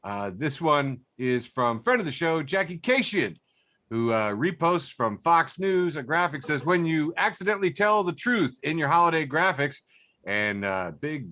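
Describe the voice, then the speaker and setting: Lively chuckling podcast host man. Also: fairly high pitch. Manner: laughs often while reading out posts. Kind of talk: casual comedy podcast chat.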